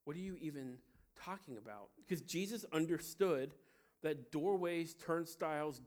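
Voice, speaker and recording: A man in his thirties, from Ohio, preaching a sermon in a conversational style with joking asides. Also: fairly high pitch. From Cincinnati, Ohio. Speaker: pastor.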